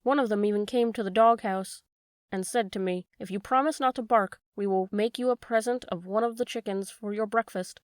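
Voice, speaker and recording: A woman voicing an earnest, proud wooden marionette boy in a storybook reading, with low, subdued replies. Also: a little fast, dry recording, clean studio sound, lightly acted. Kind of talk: storybook read-aloud.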